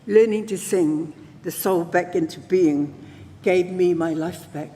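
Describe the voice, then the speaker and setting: Her voice fairly low and dark and her delivery a little slow, a New Zealander addresses a conference on traditional singing, breaking into song to demonstrate. She engages the audience playfully and calls out to them, while the hall adds long reverb and faint ambience.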